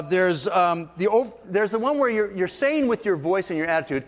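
An older male pastor preaches, his voice sitting high for a man. He tells stories and slips into voices for the people in them. The sound rings with long reverb, as in a church hall. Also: animated, moderate pace. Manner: storytelling, acts out voices in quotes. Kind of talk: sermon.

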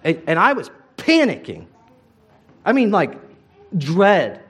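A man's voice: sits high, wildly swooping pitch, takes it slowly, slightly rough. A man, a pastor, preaching a sermon in a conversational way, often turning to ask his congregation questions.

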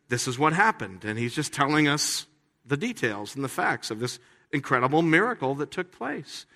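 Bright-voiced man preaching in a hall. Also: medium pitch. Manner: conversational, animated with playful asides. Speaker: pastor. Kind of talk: sermon.

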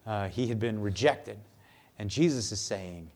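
A man preaching a sermon in a conversational, animated way, sometimes acting out the voices he quotes. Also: on the low side, a little slow. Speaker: pastor.

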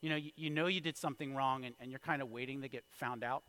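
A man in his thirties preaching a sermon, telling a story with big swings from hushed lines to loud calls. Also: medium pitch, steady tone, fast. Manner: storytelling with wide swings in loudness, from hushed to shouted. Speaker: pastor.

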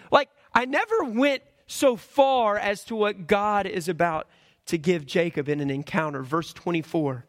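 A man in his thirties delivers a sermon with a high, lifted voice. He tells lively, humorous stories and drops to a hush for his serious points. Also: measured pace. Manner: animated storytelling with humor; swings between loud and hushed. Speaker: preacher.

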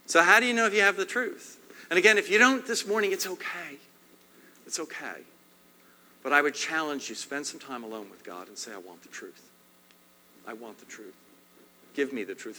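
A man preaching a sermon as pastor, emphatic and repetitive, swinging between loud and hushed. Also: on the high side. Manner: emphatic, swings loud and soft, repeats phrases. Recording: long hall reverb.

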